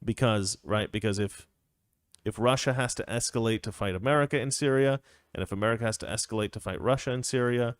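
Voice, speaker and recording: A man's voice: mid-range voice, a little fast, no room sound, studio quality. A man hosting a casual political commentary show, opinionated and rambling, chuckling often as he talks. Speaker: show host.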